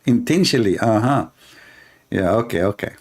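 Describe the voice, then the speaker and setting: Host type, man with a lowish voice, sarcastic running commentary on a clip, english not his first tongue. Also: expressive, moderate pace, darkish tone, husky. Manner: sarcastic, teasing; non-native English grammar.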